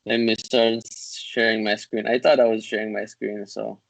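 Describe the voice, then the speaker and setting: A man's voice: fairly low pitch, little pitch movement, creaky, no echo, poor audio. Man teaching grammar over a video call. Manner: hesitant, many fillers and restarts, explains patiently; recites classical Arabic text in rapid bursts. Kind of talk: online class lecture.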